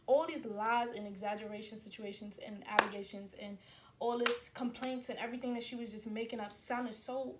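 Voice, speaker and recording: A woman in her twenties telling a story to her viewers on camera, animated and acting out the scenes as she talks. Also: a little high, heavy background noise. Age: 20s. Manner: animated, acts out scenes, addresses viewers directly. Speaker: vlogger. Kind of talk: storytime vlog. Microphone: camera mic.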